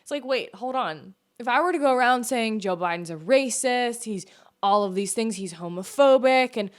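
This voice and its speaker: A woman's voice: on the high side, lively intonation, moderate pace. A woman from the United States hosting a podcast, delivering an opinionated political monologue in an emphatic, argumentative way, full of rhetorical questions. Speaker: podcast host.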